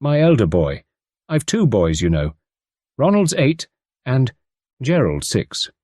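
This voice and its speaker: A man's voice: mid-range voice, wildly swooping pitch, takes it slowly, darkish tone, dry recording, studio quality, voice pushed up, exaggerated voice. A man reading aloud, voicing a determined, worried American woman of about thirty with an American accent, speaking in an earnest, anxious, pleading way.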